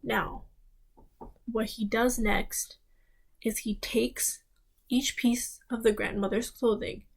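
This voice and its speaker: Young woman telling a fairy tale out loud, slow and creaky. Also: a little high, fairly even intonation, poor audio. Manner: addresses listeners, dramatic pauses. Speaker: student storyteller. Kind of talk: oral fairy-tale storytelling.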